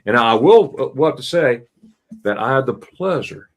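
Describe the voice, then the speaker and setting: A middle-aged man hosting a casual live stream, telling animated stories and quizzing his listeners as he goes. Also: medium pitch, normal speed. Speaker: host.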